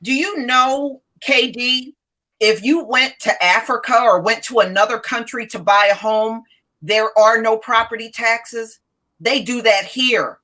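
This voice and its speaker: A woman's voice: fairly high pitch, a little slow, sharp tone. A woman co-hosting a casual chat, earnest and opinionated as she recalls the past and makes her points. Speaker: podcast co-host.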